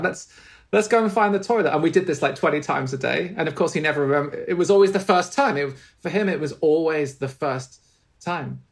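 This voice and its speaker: A man's voice: fairly high pitch, creaky. A middle-aged man, a spiritual teacher, tells a personal story in an interview, earnest and tender, often restarting and repeating his words.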